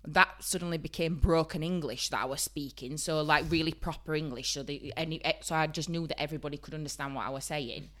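A young woman with a broad Yorkshire accent, co-hosting a podcast in lively casual chat and laughing often. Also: sits low, fast, few pauses. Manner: animated, laughs often, bursts loud. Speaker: podcast co-host.

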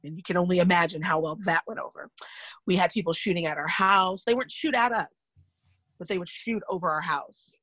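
A woman's voice: on the low side, brisk, no echo, highs cut off. A woman from California, in her thirties, telling personal stories candidly and animatedly in casual chat. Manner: candid, animated retelling with vivid asides.

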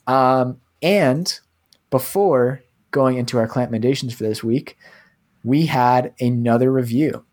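Relaxed American man with many fillers. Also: medium pitch, slow pace. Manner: relaxed, filler-heavy, hesitant. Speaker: podcast co-host. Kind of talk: casual podcast chat.

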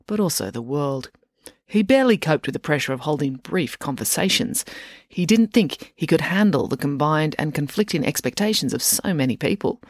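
A woman, a children's author, reading her own book aloud as a gentle bedtime story, with expressive character voices. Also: sits low, no room sound, studio quality.

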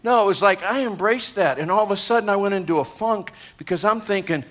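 A man's voice: high voice, quick pace, fairly bright tone. A man in his sixties, a pastor, preaching a sermon to a congregation in a conversational way, with asides to the room. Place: church gathering.

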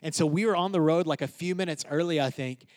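A man who is a pastor telling a personal story in a sermon, moving between loud, emphatic lines and quiet, hushed ones. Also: on the high side, quick pace.

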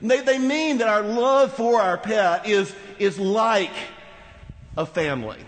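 A pastor with a high-pitched voice speaks slowly as he preaches a sermon in a large church hall. He talks conversationally, adding rhetorical asides to the congregation, and the recording reverberates through the hall.

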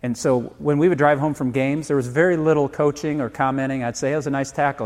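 A man's voice: mid-range voice, steady tone, fast talker, hardly any pauses, a little mellow. A middle-aged male pastor preaching a sermon in a conversational way, asking the congregation questions and acting out family stories. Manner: conversational preaching, asks the room questions and acts out family quotes.

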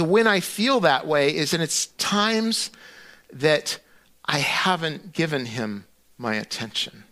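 Bright-voiced, high-pitched male pastor. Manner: conversational, acts out his own prayers to God with many restarts. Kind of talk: sermon.

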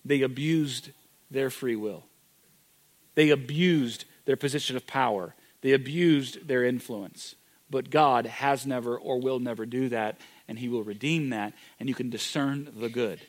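A man preaching a sermon, moving from loud, emphatic declarations to hushed, intimate moments. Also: medium pitch, unhurried. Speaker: pastor.

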